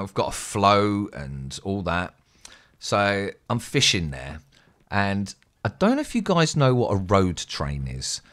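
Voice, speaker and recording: English man, lower register, very animated delivery, casual rambling storyteller. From England. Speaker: streamer.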